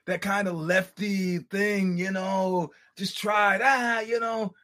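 An older man hosting a podcast, telling stories in a casual, animated, profane way with laughing asides. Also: high voice, takes it slowly, hardly any pauses. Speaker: podcast host. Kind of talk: casual storytelling monologue.

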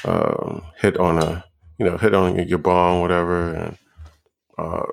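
A young man co-hosting a podcast, talking casually in a halting, stop-start way full of fillers and repeated words, high on weed. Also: fairly even intonation, vocal fry. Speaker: podcast co-host. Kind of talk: casual chat.

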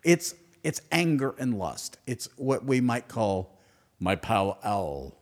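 A middle-aged man hosting a podcast, delivering an animated comic monologue that swings from loud outbursts to hushed asides. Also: lowish voice, takes it slowly. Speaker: podcast host.

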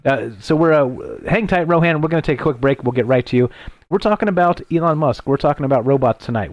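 Again the man broadcasts his casual late-night talk show from a laptop while traveling, rambling along and laughing at his own stumbles. His voice has a medium pitch and a darkish tone, with no room sound.

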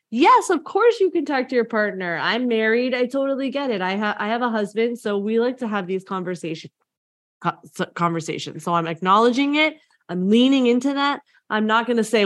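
A fairly high-voiced woman hosts a solo podcast and coaches listeners through sales calls. She talks in an energetic, conversational way and slips into the voices of clients. The sound is close and dry. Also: moderate pace, no room sound.

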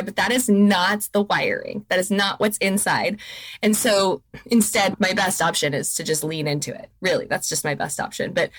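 Candid, animated woman podcast guest. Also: mid-range voice, a little fast, no echo. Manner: candid, animated, laughs often. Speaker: guest, therapist. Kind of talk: podcast interview conversation.

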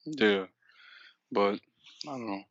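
A man's voice: fairly low pitch, takes it slowly, a bit bright, dry recording, highs cut off. A man co-hosting a small podcast, talking hesitantly with stumbling restarts and the odd swear word. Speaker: podcast co-host. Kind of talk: casual podcast chat.

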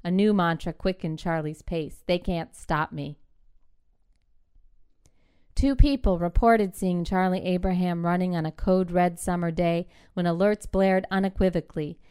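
A woman reading a short story aloud in measured, clipped phrasing. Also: lowish voice, steady tone, dark tone, clear, resonant tone. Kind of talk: literary fiction reading.

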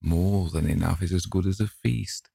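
A man's voice: low-pitched, steady tone, normal speed, creaky, warm tone, slightly rough, dry recording, clean studio sound, full character voice. A man as a drawling cynical aristocrat. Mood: wry. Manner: drawling, epigrammatic. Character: witty cynical aristocratic gentleman. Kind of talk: audiobook character voice.

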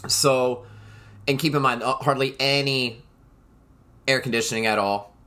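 A man's voice: mid-range voice, steady tone, unhurried, bright, forceful tone. A man hosting his own solo podcast, talking in a rambling, emphatic way and often turning to the listeners as "folks". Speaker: podcast host.

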